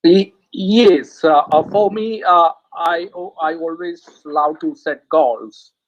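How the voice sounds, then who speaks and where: A man's voice: on the high side, slow pace, slight background noise. Hesitant man on a muffled call. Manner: hesitant, many fillers and restarts. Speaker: English learner guest. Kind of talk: casual chat. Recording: muffled online call audio.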